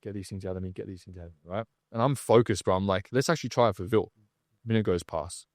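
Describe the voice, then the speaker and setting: A man's voice: fairly low pitch, fast, darkish tone, dry recording. Male podcast guest, casual storyteller, slangy, dry close sound. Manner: casual, slangy, acts out other people's lines. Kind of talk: animated storytelling.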